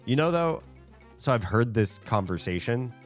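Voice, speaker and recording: A man's voice: medium pitch, big pitch swings, moderate pace. A man streaming a rhythm game, chatting casually and thinking aloud between plays, often chuckling. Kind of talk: casual chat while gaming. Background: faint game music.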